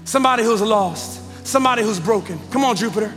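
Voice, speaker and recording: A man's voice: high-pitched, fast, fairly bright tone, soft background music. A man preaching a sermon, calling out to his congregation with rising intensity, recorded live in a large church hall. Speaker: pastor.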